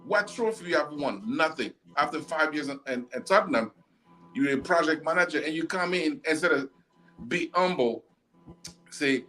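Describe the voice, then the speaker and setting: A man's voice: a little high, expressive, normal speed, a bit bright. A man hosting a casual football chat, ranting bluntly and repeating himself as he argues.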